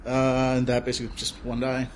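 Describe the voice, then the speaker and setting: A man playing a tabletop game, talking through his moves in a halting, thinking-aloud way. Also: medium pitch, completely flat delivery. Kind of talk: casual actual-play chat. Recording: noisy home recording.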